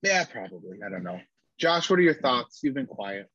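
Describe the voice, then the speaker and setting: A man's voice: mid-range voice, sing-song, moderate pace, fairly bright tone, breathy edge, no echo, highs cut off. A man co-hosting a casual chat, joking and self-deprecating. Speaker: podcast co-host.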